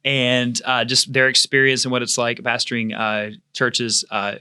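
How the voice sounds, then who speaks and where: A man hosting a relaxed church podcast, his voice bright and forward at an ordinary pitch. He talks in stops and starts, filling gaps with frequent fillers as he restarts his sentences. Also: normal speed, clean tone. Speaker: podcast host. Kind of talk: casual podcast chat.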